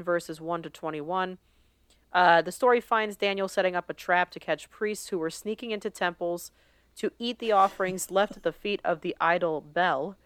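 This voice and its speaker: Casting: woman podcast co-host, smooth and clear, dry close sound, reads a list with casual asides. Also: on the low side, dry recording.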